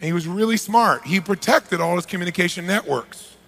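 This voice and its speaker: Gravelly, bright-voiced seminar speaker in a hall. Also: male voice, high-pitched, brisk. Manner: energetic, asks the audience questions. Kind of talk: live seminar talk. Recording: live hall reverb.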